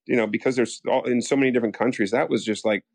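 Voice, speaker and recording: A man's voice: medium pitch, steady tone, quick pace, gravelly, darkish tone, no echo. A young American man, a soap actor, telling stories in a casual interview, rambling with lots of fillers and acting out quotes. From United States. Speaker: soap opera actor guest.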